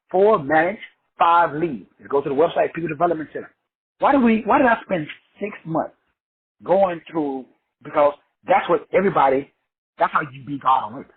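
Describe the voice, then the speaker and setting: A man's voice: fairly high pitch, husky. A man from Texas teaching a group on an online call in an emphatic, preachy way, repetitive, slangy and profane. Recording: phone-like lo-fi audio.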